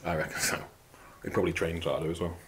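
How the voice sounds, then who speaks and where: A man's voice: sits low, little pitch movement, fast, heavy background noise. A young man hosting a fitness channel, cracking crude jokes and swearing through a casual product review. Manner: crude, joking, heavy swearing.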